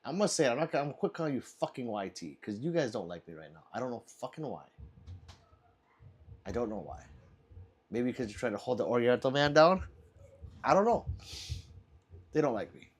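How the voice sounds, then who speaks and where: A man's voice: mid-range voice, very animated, normal speed, long pauses, husky. A man hosting a casual livestream, reading chat aloud, laughing often and swearing freely.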